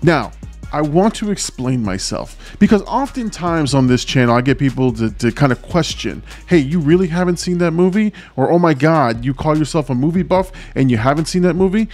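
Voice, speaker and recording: A man hosts his movie reaction channel in an energetic, chatty way. His voice sits a bit high and jumps around a lot in pitch. Soft music plays faintly underneath. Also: moderate pace. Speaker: host.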